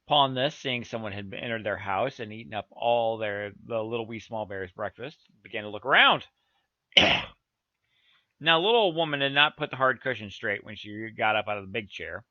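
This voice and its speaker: A man's voice: on the low side, lively intonation, normal speed, no room sound. A man reading a children's story aloud with playful asides to his listeners. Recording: dull, dry lo-fi recording.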